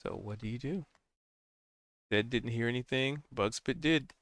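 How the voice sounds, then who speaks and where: A man's voice: mid-range voice, measured pace, a bit bright, dry recording. A man as game master, narrating the scene and calling for rolls in a dry, teasing way. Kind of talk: running a tabletop game.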